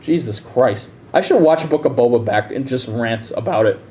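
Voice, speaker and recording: A man's voice: medium pitch, lively intonation, normal speed, warm tone. A man ranting profanely and heatedly during a casual livestream, often slipping into mocking voices. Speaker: live streamer.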